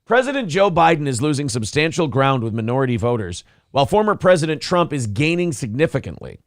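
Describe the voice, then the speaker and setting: Male co-host, blunt and profane, animated pitch, dry mic. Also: quick pace, no echo. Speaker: morning show co-host. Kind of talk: casual political talk show, reading chat comments.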